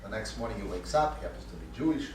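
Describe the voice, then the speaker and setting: A male instructor telling a parable to his class in halting, animated phrases. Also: on the low side. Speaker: course instructor. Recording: echoey room, mic far off, faint noise.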